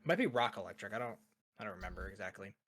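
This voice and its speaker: A man's voice: on the low side, lively intonation, very fast, a bit bright. A young man hosting a casual ranking chat, rambling and laughing often. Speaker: host ranking characters.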